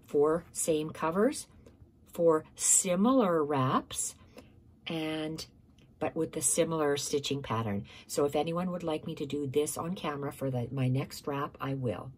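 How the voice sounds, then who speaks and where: A woman with a low, deeply breathy, husky voice talks through her stitching work in a casual tutorial. She speaks unhurriedly, repeats each measurement, and stops to correct herself. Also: unhurried.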